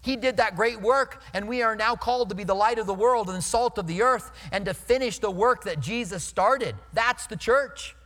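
A male pastor preaching a sermon in a conversational, storytelling way, emphatic, dropping his voice low for serious points. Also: moderate pace, few pauses, a bit bright, big-room sound.

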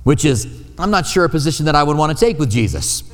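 A man's voice: on the high side, sing-song, fast talker, in a large hall. A man preaching a conversational sermon as pastor, acting out quoted voices along the way.

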